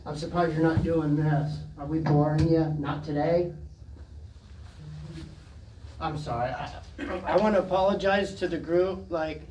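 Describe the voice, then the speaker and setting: A man speaking at public comment in a council meeting, halting and clearing his throat, and growing indignant as he goes on. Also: fairly high pitch, steady tone, warm tone, a little hiss or hum. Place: council chamber. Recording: echoey chamber, distant mic.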